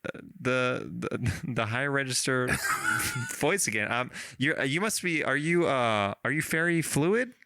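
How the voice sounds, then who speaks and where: Bright-voiced giggly male podcast host. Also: medium pitch, expressive, dry recording. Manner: laughs often, halting with fillers. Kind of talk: casual chat.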